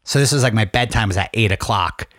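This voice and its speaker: A man's voice: fairly low pitch, fast, fairly bright tone, no room sound, clean studio sound. Rambling young man podcast co-host. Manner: rambling, self-interrupting, joking. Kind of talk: casual chat.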